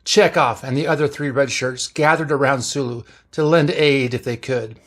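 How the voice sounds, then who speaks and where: A man reading a science-fiction story aloud as narrator, in plain, even storytelling. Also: mid-range voice, normal speed, few pauses.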